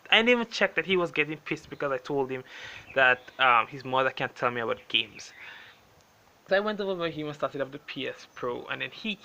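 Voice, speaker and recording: A young man recounts a falling-out in a loose, casual storytelling rant. His voice sits a touch high and comes across tense and sharp. He is blunt and exasperated and swears freely. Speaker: storytime vlogger.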